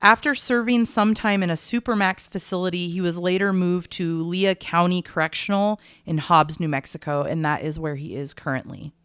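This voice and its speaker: A woman co-hosting a true crime podcast, recounting case details in a measured, conversational way. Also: lowish voice, fairly even intonation, a bit bright, clear, resonant tone, no room sound.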